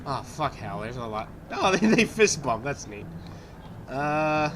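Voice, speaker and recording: A man's voice: medium pitch, very animated, unhurried, background noise. A young man giving casual, rambling commentary while playing a video game, swearing and laughing as he goes. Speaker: let's play gamer.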